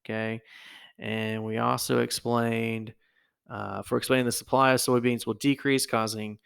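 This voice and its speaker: A man teaching economics, talking through exam answers in a halting way, with many fillers and "okay?" checks. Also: mid-range voice, level tone, vocal fry, fairly bright tone, clear, resonant tone. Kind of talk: recorded lecture walkthrough.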